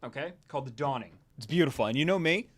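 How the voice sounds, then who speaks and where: A man co-hosting a stream, telling an animated, profane story in casual chat. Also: medium pitch, fast. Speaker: stream co-host.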